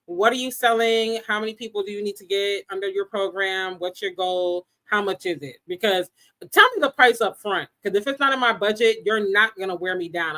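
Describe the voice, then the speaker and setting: A woman co-hosting a podcast in casual chat. She tells stories with animation and laughs easily, her pitch sitting in the middle range. She goes back and forth with her co-host in a relaxed, conversational way. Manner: laughs often, animated storytelling.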